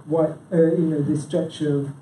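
A man's voice: on the high side, flat delivery, a little slow, mellow, far from the mic, a little hiss or hum. A man chairing a local branch, giving an informal presentation and quizzing the audience, chatty and prone to restarts. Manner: chatty, self-interrupting, with frequent "yeah?" and "you know". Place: meeting room with a live audience. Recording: echoey room, speaker away from the mic.

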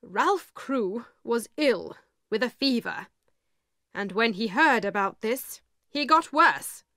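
A woman voicing a calm, blunt male lawyer who speaks in a measured, matter-of-fact way. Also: fairly high pitch, no echo, clean studio sound, exaggerated voice.

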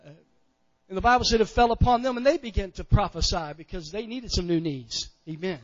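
High-voiced preaching man, frequent amens. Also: lively intonation, brisk. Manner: folksy preaching with frequent amens, swelling loud on key phrases. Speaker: pastor. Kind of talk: sermon. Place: church sanctuary. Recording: dull church recording with long reverb.

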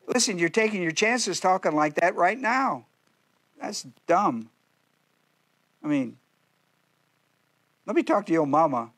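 High-voiced joking preacher man. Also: big pitch swings. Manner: folksy, joking preaching with quick asides. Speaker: pastor. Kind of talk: sermon.

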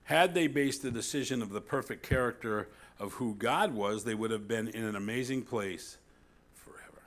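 Pastor guy preaching, gets loud then drops real quiet, mid-pitched voice, keeps going "see?". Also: moderate pace. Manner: animated preaching, swinging from loud to hushed; repeats "See?" to the congregation. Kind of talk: sermon.

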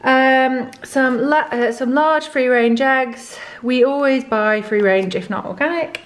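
A woman's voice: sits high, slow pace. Chatty, slightly breathless woman. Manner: chatty, rambling with fillers and restarts. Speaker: vlogger. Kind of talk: casual grocery haul chat.

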